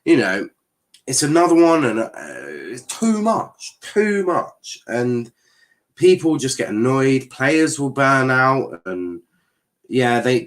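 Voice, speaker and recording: A man hosting a live football watchalong, giving casual commentary on the match and answering chat with blunt, sweary reactions. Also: mid-range voice. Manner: animated, sweary, reacts to play and chat messages. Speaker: watchalong streamer host.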